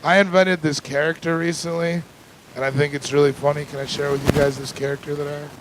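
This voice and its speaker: A man performing a stand-up comedy set on a club stage, telling deadpan stories that build into loud rants. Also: fairly high pitch, fast talker, background noise.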